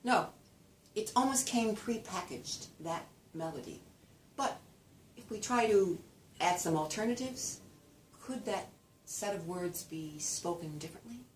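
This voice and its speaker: A woman's voice: animated, measured pace. A woman teaching a class, often acting out example phrases with exaggerated sing-song melodies. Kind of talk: lecture with spoken demonstrations. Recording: roomy echo, distant mic, faint rumble.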